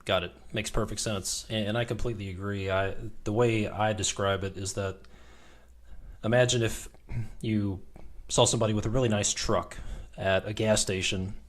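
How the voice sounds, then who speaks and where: A man hosts a business podcast and explains his points through homely, folksy analogies. His speaking voice sits a little low, and he sounds easygoing and in agreement. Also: fairly even intonation, moderate pace. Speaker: podcast host and business coach. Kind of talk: podcast interview.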